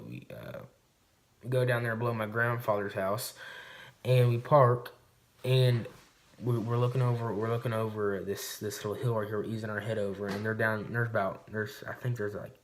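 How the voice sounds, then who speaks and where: A man with a lowish voice tells a story to his camera, rambling along and swearing freely. His casual delivery is full of restarts, and he talks straight to his viewers. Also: little pitch movement, normal speed. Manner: rambling and profane, recounting a hunt. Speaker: vlogger.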